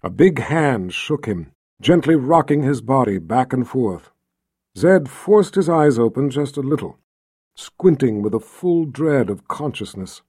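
A man's voice: mid-range voice, very animated, unhurried, darkish tone, husky, no room sound, clean studio sound. A man reading a fantasy novel aloud as an audiobook narrator, telling the story expressively and voicing every character. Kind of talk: scripted narration.

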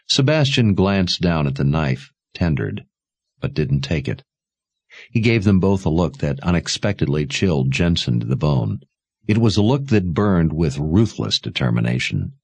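A man narrating a fantasy audiobook in a measured, expressive reading. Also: sits low, creaky, breathy edge, no room sound.

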